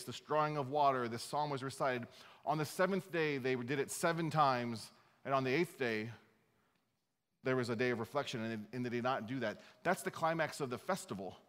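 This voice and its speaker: A man's voice: mid-range voice, fairly bright tone, big-room sound. A man preaching a sermon as pastor, talking conversationally, restarting his phrases and reading scripture aloud.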